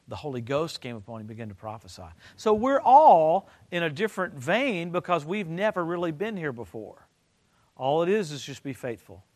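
An older man preaching a sermon, telling stories and swinging from loud excited bursts to low quiet stretches. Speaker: pastor.

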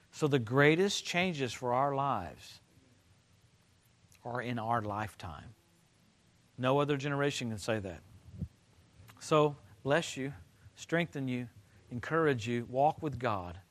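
An older man preaching a sermon, telling stories and swinging from loud excited bursts to low quiet stretches. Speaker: pastor.

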